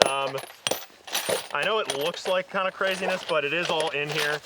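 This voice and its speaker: A man's voice: fairly high pitch, normal speed, very noisy. A man hosting an off-road show, walking through his tool kit in a casual, upbeat way, laughing often and using lots of fillers. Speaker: host of an off-road vehicle show.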